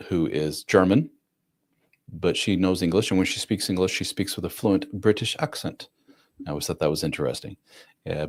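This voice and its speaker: A man's voice: low-pitched, a little mellow. A man hosting a casual live stream, reading viewer comments and talking through them with lots of fillers and restarts. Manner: conversational, many fillers and restarts, reads comments aloud. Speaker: livestream host answering viewer comments.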